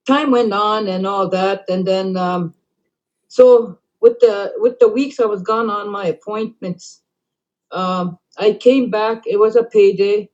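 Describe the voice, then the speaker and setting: A middle-aged woman telling a long story in casual talk, rambling with many fillers and dropping to quiet asides. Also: medium pitch. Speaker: band councillor. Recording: dull lo-fi recording.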